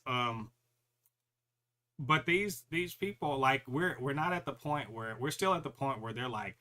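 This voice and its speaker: A man co-hosting a podcast, talking in a loose, animated rant full of profanity and mocking impressions of other people. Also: medium pitch, measured pace. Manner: animated, profane, mocks others in put-on voices. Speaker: podcast co-host. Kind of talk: casual chat.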